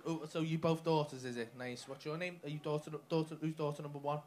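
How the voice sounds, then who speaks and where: A man working a comedy club crowd, high and lively in pitch, swearing and mocking as he rants. His voice swings up and down constantly. The live recording carries a clear layer of noise. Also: unhurried, pauses often. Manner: sweary, mocking, ranting, laughs mid-line. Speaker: stand-up comedian doing crowd work. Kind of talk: live stand-up crowd work.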